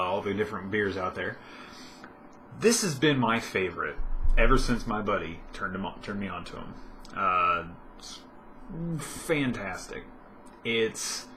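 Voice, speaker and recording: A man's voice: lowish voice, sharp tone, a little hiss or hum. A young man vlogging at home in casual chat, rambling with lots of fillers and self-corrections.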